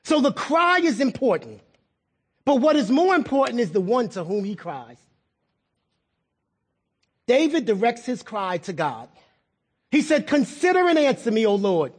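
A man's voice: very high voice, very animated, measured pace, long pauses, husky. A middle-aged male pastor preaching a sermon in a conversational way, repeating words and asking the congregation questions.

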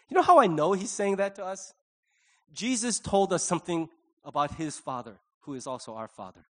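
Lively, animated middle-aged pastor. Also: male voice, sits high, normal speed. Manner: animated storyteller acting out quoted dialogue. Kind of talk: conversational sermon.

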